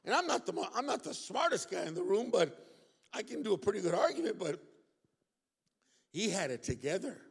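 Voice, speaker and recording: Preacher, male, high voice, gravelly tone, animated sermon delivery. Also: fairly quick, long pauses. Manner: lively preaching with call-and-response asides. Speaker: pastor. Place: church hall. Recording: reverberant hall.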